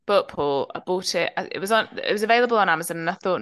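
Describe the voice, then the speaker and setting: A woman's voice: fairly low pitch, animated, fast, few pauses, a bit bright, no echo. A young woman co-hosting a podcast, telling wry anecdotes in casual chat. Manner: chatty, wry, storytelling. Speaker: podcast co-host.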